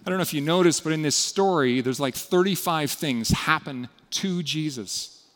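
A man giving a sermon, retelling a story with dramatic shifts between loud emphasis and hushed passages. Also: fairly high pitch, normal speed, big-room sound. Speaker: preacher.

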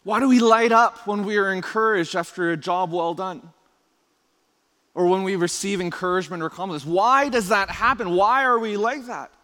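A man's voice: high voice, normal speed, sharp tone. A man preaching a conversational sermon, chatty and full of restarts and rhetorical questions. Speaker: pastor. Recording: long reverb of a large hall.

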